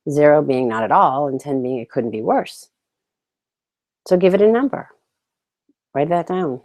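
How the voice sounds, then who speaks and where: A woman teaching emotional tapping, leading slow, calm phrases for listeners to repeat after her. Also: sits low. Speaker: tapping instructor. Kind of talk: guided tapping lesson.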